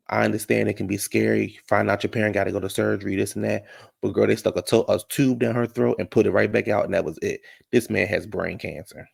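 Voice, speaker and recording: A man's voice: on the low side, fairly even intonation, fast talker, creaky, slightly rough, no echo, studio quality. A man recapping a reality show in casual, blunt, profane commentary.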